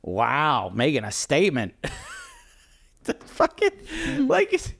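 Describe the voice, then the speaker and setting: A man with a New York accent, co-hosting a casual podcast about weddings, animated, swearing often and laughing. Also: fairly high pitch, slow, gravelly, no room sound, studio quality. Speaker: podcast co-host, wedding vendor. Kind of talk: casual chat.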